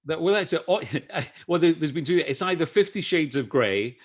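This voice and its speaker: A man's voice: on the high side, lively intonation, normal speed. Chatty Scottish man, middle-aged. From Scotland. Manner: chatty, many restarts, laughs easily. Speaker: guest. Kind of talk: casual video-call interview.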